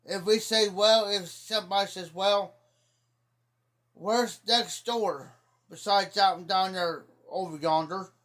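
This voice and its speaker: A man's voice: sits high, fairly even intonation, slow, a bit bright. A man telling rambling, folksy stories about local sayings in a casual, teasing way. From Ohio. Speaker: livestreamer. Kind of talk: casual storytelling.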